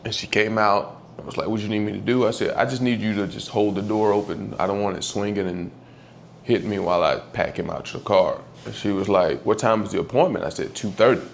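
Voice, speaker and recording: A man speaks in a fairly low voice, telling a personal story while grieving and close to tears. He talks candidly and haltingly, sometimes swearing and dropping nearly to a whisper. A faint hum sits behind him. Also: creaky.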